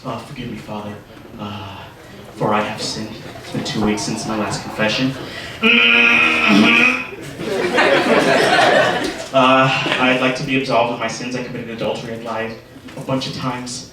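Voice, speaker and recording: A man putting on a nervous adult man confessing to a priest, halting and hesitant. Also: mid-range voice, creaky, voice pushed down. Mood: sheepish. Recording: echoey club, distant mic, noisy.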